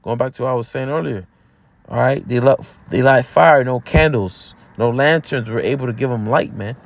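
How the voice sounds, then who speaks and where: A man's voice: medium pitch, moderate pace, vocal fry. A man teaching from scripture in a loose street style, repeating words and dropping "man" at the ends of lines. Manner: casual, repeats words and says "man" often. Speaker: camp teacher.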